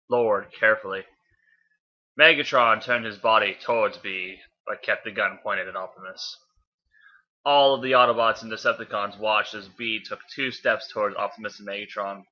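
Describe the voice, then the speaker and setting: A man casually reading fanfiction aloud, offhand, often stumbling and correcting himself. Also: on the low side. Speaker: fanfiction reader. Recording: dull lo-fi home recording.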